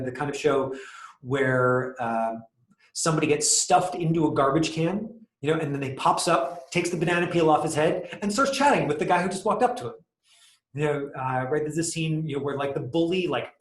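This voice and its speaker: A man teaching an acting class, casually explaining comedy with lively acted-out examples. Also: mid-range voice. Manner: animated, acts out quick examples with loud outbursts. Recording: echoey room.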